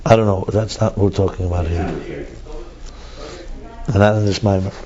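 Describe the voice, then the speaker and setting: A man's voice: deep voice, moderate pace, muffled recording, a crowd in the background. A man teaching a text study class, thinking aloud and repeating words as he reads and explains.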